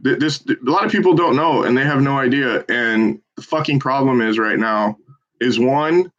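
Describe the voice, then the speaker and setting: A man volunteering as a phone banker, chatting casually and swearing between calls, then switching to an upbeat salesman's pitch on the phone. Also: moderate pace, fairly bright tone, muffled recording. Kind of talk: casual livestream chat with live phone calls.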